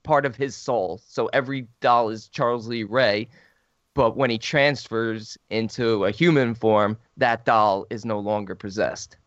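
A man talks over a film with friends, eagerly working through its plot in detail. His voice sits at an ordinary pitch. The recording is dry and close, and a little dull. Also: fairly even intonation, a little slow, dry recording. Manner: eager, explains plot at length. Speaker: podcast co-host. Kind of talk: casual film discussion. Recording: dry, slightly dull sound.

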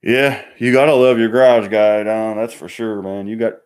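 Low-pitched guy ranting about cars, swears nonstop, blunt and rambling. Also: steady tone, moderate pace, a little mellow, clear, resonant tone. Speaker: car mechanic podcaster. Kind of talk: profane ranting monologue.

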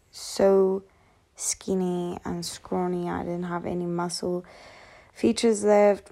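Woman, vlogger, frank and rambling, sleep-deprived, creaky voice, unhurried delivery. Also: lowish voice, darkish tone. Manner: rambling, frank, swears often. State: tired from lack of sleep. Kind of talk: candid personal talk to camera.

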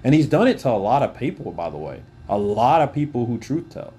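A man's voice: medium pitch, sing-song, fairly quick, mellow, slightly rough. A man in his twenties delivering an angry, profane rant as a podcaster, swearing often and speaking straight to the listener. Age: 20s. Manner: heated, swears often, direct address.

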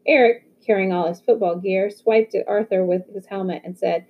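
A woman reading a novel aloud in a steady storytelling manner. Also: medium pitch, normal speed. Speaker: audiobook reader. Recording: phone-like narrow audio.

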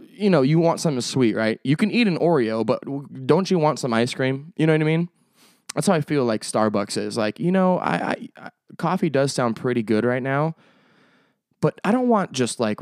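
A young man hosts his own podcast in loose, rambling chat, swearing freely and joking as he goes. His voice is smooth and resonant, and the sound is close and dry with no room echo. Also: mid-range voice. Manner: rambling, profane, jokey. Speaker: podcast host. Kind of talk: casual solo podcast chat.

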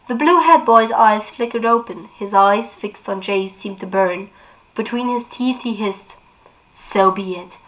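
A woman's voice: mid-range voice, a bit bright, poor audio. A woman book vlogger recapping a plot in casual chat, with fillers, and reading a novel aloud.

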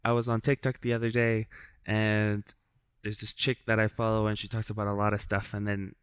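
Smooth-voiced laid-back male host. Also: lowish voice, monotone, brisk, no echo. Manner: laid-back, enthusiastic, swears casually. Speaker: podcast host. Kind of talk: casual chat.

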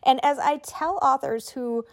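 The voice of this middle-aged podcast host sits high and moves at a measured pace. As a writing coach, she shares friendly, conversational tips, encouraging writers and giving them clear instructions.

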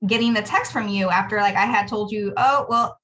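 In a rough recording with a bit of hiss or hum, a woman speaks briskly at medium pitch. She owns a business and co-hosts a podcast, and in a casual chat she animatedly tells a story, quoting her own words.

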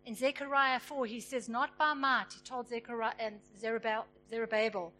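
A woman preaching a sermon, retelling a story and acting out its characters with lively emphasis. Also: a little high, brisk, slight background noise. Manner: animated, acts out the characters with emphasis.

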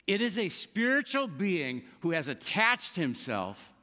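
A man preaching a sermon, telling a scripture story with lively emphasis and acting out quoted lines. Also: sits high, unhurried, in a large hall. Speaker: pastor.

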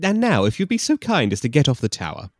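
A man's voice: mid-range voice, wildly swooping pitch, fast, darkish tone, dry recording, clean studio sound, pitched above the performer's own voice. Man putting on a stiff police chief. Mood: gallant. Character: middle-aged male Scottish police chief, stiff and gallant.

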